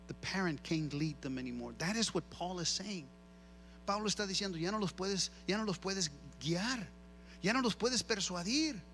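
A middle-aged male pastor preaching an animated sermon, switching between two languages and repeating phrases for emphasis. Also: high-pitched, slight background noise. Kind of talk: bilingual sermon.

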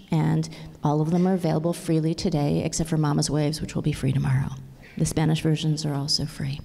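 A woman's voice: low voice, vocal fry, mellow. A woman giving a plenary talk at a conference, telling stories expressively and dropping into whispered asides. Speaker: conference keynote speaker. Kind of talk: plenary talk with story reading. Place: large conference hall. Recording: echoey conference hall.

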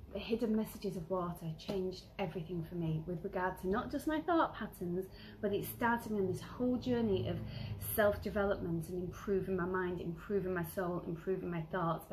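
A woman vlogger giving earnest self-help advice, stressing and repeating key phrases and sometimes dropping to a soft whisper. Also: medium pitch, gravelly, a little hiss or hum, poor audio. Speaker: lifestyle vlogger. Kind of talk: motivational self-help talk.

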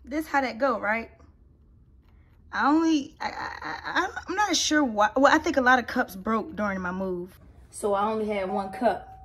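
An excitable young woman talks casually through an unboxing, gushing and exclaiming in a slightly high voice. Her reactions swing between loud delight and softer, touched murmurs, with plenty of slang. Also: normal speed. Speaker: vlogger opening gifts.

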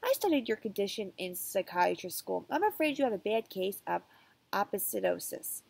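A woman voicing a calm, bearded school psychiatrist. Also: mid-range voice, vocal fry, husky, full character voice. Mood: calm, curious. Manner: soothing, coaxing and measured.

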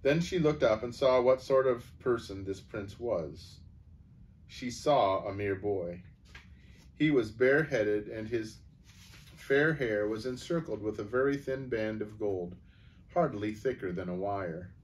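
A man reading a children's book aloud as a storyteller, in a calm, measured way. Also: fairly low pitch. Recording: voice from a distance.

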